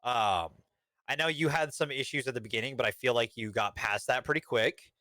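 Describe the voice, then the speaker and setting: A man with a bright, forceful voice chats casually about films as a podcast co-host. He swears freely and slips in dry jokes. The sound is dry and close, with no room in it. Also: medium pitch, brisk, no echo. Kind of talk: casual movie review chat.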